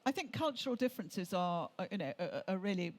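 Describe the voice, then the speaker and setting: A woman's voice: medium pitch, animated, fast talker. An older woman from England, an author and tour leader, telling chatty travel anecdotes on stage with frequent restarts.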